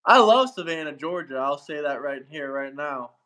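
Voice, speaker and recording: High-voiced upbeat man on a livestream. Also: expressive, moderate pace, sharp tone. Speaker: livestream host. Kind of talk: casual livestream chat, reading viewer comments.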